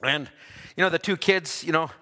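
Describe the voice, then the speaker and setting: A man preaching a folksy sermon, joking between loud, drawn-out scripture readings. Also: a little high, in a large hall.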